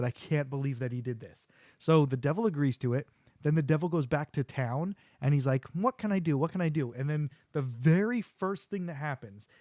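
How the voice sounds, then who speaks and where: A man's voice: a little high, no room sound, clean studio sound. A middle-aged man hosting a podcast, eagerly recapping an episode, acting out quotes and laughing often. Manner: animated storyteller, acts out quotes, laughs often. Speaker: podcast host. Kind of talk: casual chat recapping a show.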